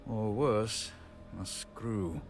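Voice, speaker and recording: A man's voice: lowish voice, fairly even intonation, drawn-out words, soft background music. A wry, punning handyman. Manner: wry and rambling, laughs at himself. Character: weary, punning, self-deprecating male station handyman. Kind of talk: video game dialogue.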